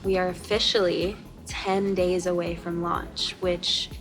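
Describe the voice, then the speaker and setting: A woman's voice: fairly low pitch, flat delivery, measured pace, faint music behind. A young woman in her twenties, a brand founder, talking casually and openly emotional in a personal vlog.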